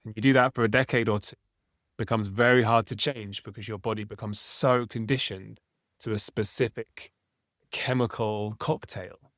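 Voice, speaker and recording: A man's voice: lowish voice, fairly even intonation, moderate pace, a bit bright, no room sound. Reflective man with dry close sound. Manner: reflective, uses tag questions. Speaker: podcast host. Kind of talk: casual conversation.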